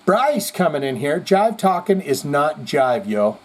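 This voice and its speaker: A male podcast host reading viewer comments in casual, rambling commentary, animated and profane, jumping between loud outbursts and mutters. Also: on the high side, measured pace. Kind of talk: casual live-chat commentary.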